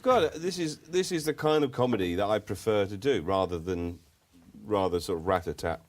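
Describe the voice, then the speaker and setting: A man's voice: fairly low pitch, normal speed, slight background noise. A man, a comedian guest on a podcast, telling a silly story playfully, building it up and laughing as he goes.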